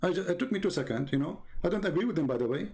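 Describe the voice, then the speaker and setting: A man argues his points on a livestreamed debate over a call. His voice is fairly high for a man and gravelly, and he repeats himself and fills pauses with "uh". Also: expressive, darkish tone. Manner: argumentative, repeats himself, frequent uh fillers. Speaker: debate show host.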